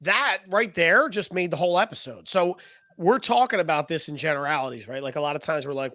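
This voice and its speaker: A man's voice: fairly high pitch, quick pace, sharp tone, dry recording. A man co-hosting a casual podcast chat, enthusiastic, acting out hypothetical scenes. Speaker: podcast co-host.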